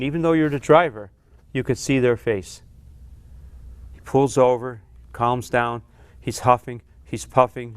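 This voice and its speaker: A man is a guest on a television talk show, speaking in a middle-pitched voice. He explains things earnestly and tells a story, putting on the voices of the people in it. The studio sound is dry and close. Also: smooth, no room sound. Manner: earnest storyteller, acts out quoted dialogue. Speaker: psychologist guest.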